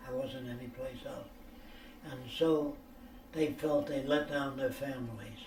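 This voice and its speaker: A man's voice: mid-range voice, steady tone, unhurried, a little mellow, a little hiss or hum. An older American man telling stories in a rambling, lecture-like way, blunt and profane, often checking whether listeners understand. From United States. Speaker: speaker answering questions. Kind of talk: rambling lecture-style storytelling. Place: private room for a question session. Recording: echoey room, mic at a distance, faint ambience.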